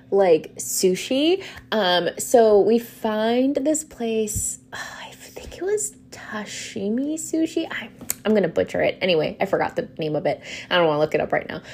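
A woman's voice: medium pitch, a little mellow. A woman podcast host telling a story in a casual, chatty way, full of "like" fillers and loose swearing.

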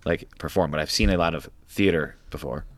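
A man co-hosting a casual chat, quick and joking. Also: a bass voice, no room sound. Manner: quick, joking, self-defensive.

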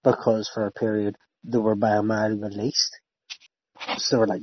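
A young man chatting casually as a podcast co-host, swearing freely and rambling in an animated way. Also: lowish voice, normal speed. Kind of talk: casual chat. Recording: dull lo-fi sound.

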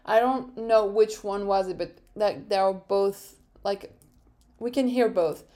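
A young woman hosting a casual solo recap podcast, animated, laughing often and swearing freely. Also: mid-range voice, a little slow. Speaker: podcast host.

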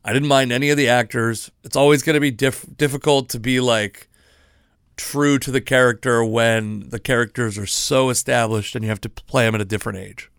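A man in his thirties talks through his solo podcast in a loose, rambling way. He stops and restarts often and makes self-deprecating asides. His voice sits at an ordinary middle pitch, recorded dry and close with little room sound. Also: fairly even intonation, fairly quick, a bit bright, smooth, no echo. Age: 30s. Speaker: podcast host. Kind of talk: casual solo podcast talk.

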